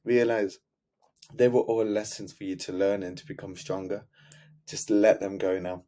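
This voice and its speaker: A man's voice: on the low side, flat delivery, moderate pace, dark tone. A man speaking as a love coach, giving an earnest, heartfelt motivational talk to camera and repeating key words.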